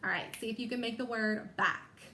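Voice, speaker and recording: A woman teacher walks young readers through spelling, stretching each word into its sounds with slow, careful emphasis. Her voice sits a little high, and the recording carries a noticeable room echo. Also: fairly even intonation, bright, forceful tone, a little hiss or hum. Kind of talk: phonics lesson. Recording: echoey room.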